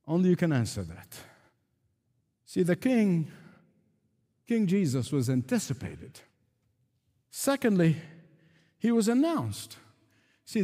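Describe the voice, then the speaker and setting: A man's voice: fairly high pitch, mellow. A man preaching a sermon with emphatic, repeated rhetorical refrains. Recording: long reverb of a large hall.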